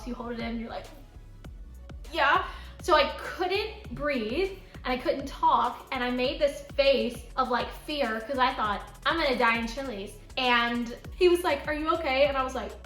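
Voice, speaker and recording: A woman's voice: fairly high pitch, sharp tone. A woman in her twenties telling a story-time vlog in a chatty way, full of "like" fillers. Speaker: vlogger. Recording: echoey room.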